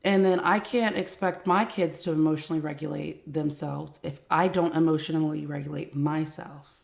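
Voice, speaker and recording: A woman's voice: sits low, steady tone, moderate pace, creaky, roomy sound. A woman hosting a live stream from home, talking frankly in a casual, chatty way and swearing freely.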